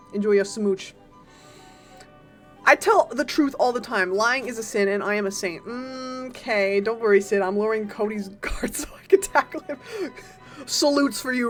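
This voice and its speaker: A woman streaming a game, chatting casually and playfully with her viewers, greeting them and teasing them in quick bursts. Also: mid-range voice, a bit bright.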